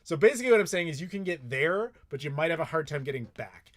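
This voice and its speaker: A man talks through viewer questions on a live stream in a loose, meandering way. His voice sits slightly high for a man, and he swears casually and pads his sentences with fillers. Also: animated, fast. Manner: rambling, swears freely, many "like" fillers. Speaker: streamer answering chat questions.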